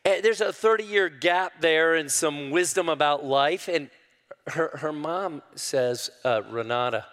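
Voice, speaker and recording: Older preacher guy, kinda high voice, y'all-ing the crowd, big echo hall. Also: takes it slowly. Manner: preaching with sudden loud rises to quoted scripture; folksy, addresses the crowd as y'all. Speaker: pastor. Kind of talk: sermon. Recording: long hall reverb.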